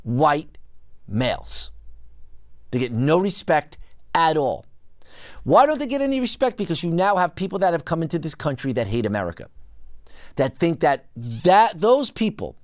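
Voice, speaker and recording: Host, political monologue: indignant, emphatic, big pitch jumps, dry close sound. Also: big pitch swings, normal speed, pauses often, no echo. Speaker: podcast host.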